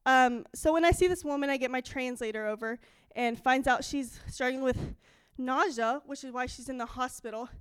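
High-pitched young woman sharing a testimony. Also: moderate pace, few pauses, smooth, no room sound. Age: young adult. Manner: excited, animated storytelling with quoted dialogue. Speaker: church speaker. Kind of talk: testimony in a church service.

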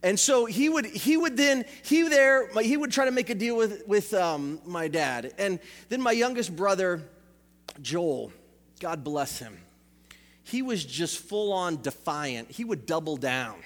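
A man preaching a sermon, telling family stories with animated acted-out voices and frequent repeated words. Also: sits high, a little slow. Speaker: pastor. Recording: church hall reverb.

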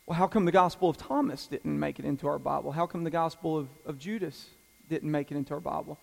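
Animated man preaching in a reverberant hall. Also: a little high, fast, creaky. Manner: conversational, animated preaching with fillers and restarts. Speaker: pastor. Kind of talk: sermon.

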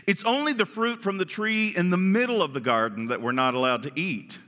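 A man's voice: high voice, brisk, bright, forceful tone, big-room sound. A man reading the lines of an earnest, obedient first woman in sermon style.

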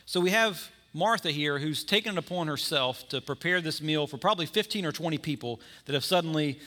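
A male pastor delivers a sermon in an easy, conversational way. His voice sits a little high for a man and sounds bright and forceful, and he brings the scene to life by acting out the people in the story. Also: lively intonation, a little fast. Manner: conversational preaching with acted-out scenes.

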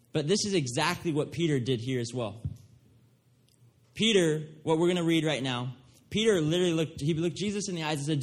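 A young man giving an earnest, emphatic sermon, often checking in with his listeners. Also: on the high side. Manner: earnest, emphatic preaching with restarts and "right?" asides. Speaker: pastor.

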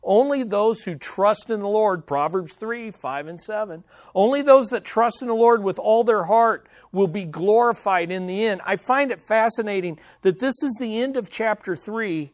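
A man preaching a sermon as pastor, delivering lines with dramatic, slow, punchy emphasis. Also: high-pitched, no room sound, studio quality.

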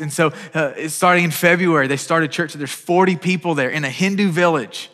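A man's voice: fairly high pitch, fast talker, few pauses, fairly bright tone, in a large hall. A man preaching a sermon as pastor, earnest and urgent, often repeating words as he starts a phrase.

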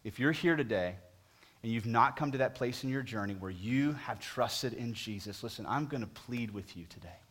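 A man preaching a sermon, pleading with the congregation, moving from booming emphasis to hushed appeals. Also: lively intonation, moderate pace, breathy edge. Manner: talks to the congregation directly with questions. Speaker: pastor.

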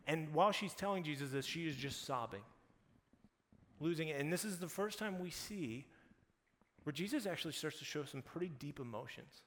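Male preacher, slightly high voice, chatty slangy sermon, long hall reverb, faint hiss. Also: expressive, moderate pace, fairly bright tone. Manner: conversational, retells scripture in everyday slang. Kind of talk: casual sermon.

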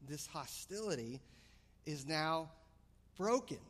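Male pastor, slightly high voice, lively storyteller, long hall echo. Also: slow. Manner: animated storytelling, rising excitement. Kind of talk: sermon with personal story.

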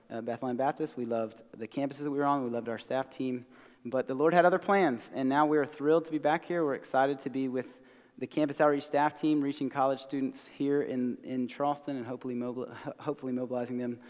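A hoarse man in his thirties with a Southern American accent, preaching a sermon in a conversational, self-deprecating way. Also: mid-range voice, a little mellow, in a large hall. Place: church sanctuary.

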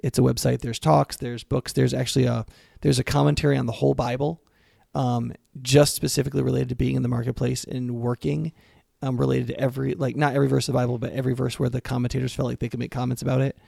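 A man with a Midwestern accent, hosting the interview and asking relaxed questions with fillers. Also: medium pitch, fast, gravelly, dry recording, studio quality. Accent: Midwestern American. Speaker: host, pastor.

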